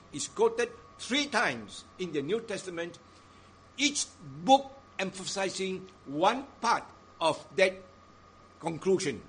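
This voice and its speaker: A man preaching a sermon in a deliberate, emphatic way, stressing repeated phrases. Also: high-pitched, a bit bright, slight background noise.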